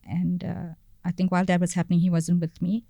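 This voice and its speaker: A woman speaks as a podcast guest, her voice set a little low with a soft, mellow tone. She talks haltingly, often pausing to find the right word and repeating phrases. The recording is close and dry, with no room sound. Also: monotone, gravelly, no room sound. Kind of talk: personal story in a podcast interview.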